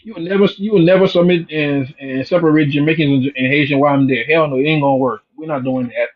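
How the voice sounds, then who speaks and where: Husky emphatic man from Africa. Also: a little high, quick pace. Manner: emphatic, repeats words when fired up. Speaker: panelist. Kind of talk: heated live-stream discussion. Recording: dull lo-fi stream audio.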